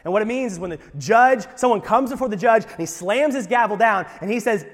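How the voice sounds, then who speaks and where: A man preaching a sermon as pastor, animated, jumping from loud emphasis to quiet asides with jokes along the way. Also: high voice, fairly quick, few pauses. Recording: long reverb of a large hall.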